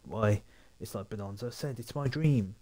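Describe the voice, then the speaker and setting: A man's voice: on the low side, normal speed, dark tone, lightly acted. A man voicing an eager, upbeat young farm girl in a video game, reading her lines aloud.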